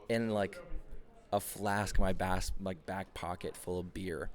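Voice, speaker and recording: A man's voice: sits low, steady tone, measured pace. A man in his twenties hosting a podcast, ranting casually with lots of swearing and rambling fillers. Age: 20s. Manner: profane, rambling, full of fillers. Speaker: podcast host. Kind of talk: casual comedic rant.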